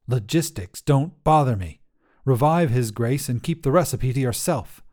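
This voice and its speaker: Gwendolyn, a man doing a gruff woman guard. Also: medium pitch, expressive, normal speed, a little mellow, natural voice. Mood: menacing. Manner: curt, menacing. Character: gruff, threatening armored female guard.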